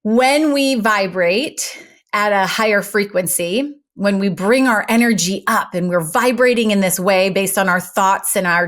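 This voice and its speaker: A middle-aged woman, a former news anchor turned speaking coach, talking in an interview with articulate, emphatic and animated delivery. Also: mid-range voice. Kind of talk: conversational interview.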